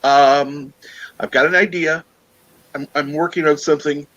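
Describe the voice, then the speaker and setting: A man's voice: on the high side, fairly even intonation, measured pace, fairly bright tone, highs cut off. A man co-hosting a live morning talk stream, rambling casually with lots of fillers. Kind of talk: casual chat.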